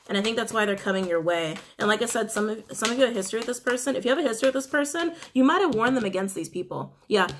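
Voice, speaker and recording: A woman's voice: medium pitch, slight background noise. A woman giving a casual tarot reading, musing aloud and repeating her phrases. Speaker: tarot reader.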